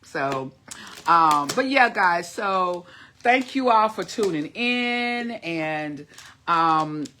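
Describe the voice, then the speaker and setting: A middle-aged woman chats loosely with her viewers in a livestream, rambling and calling them y'all. Her voice is bright and forward. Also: on the low side, lively intonation, very slow, slight background noise. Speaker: vlogger. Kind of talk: casual livestream chat.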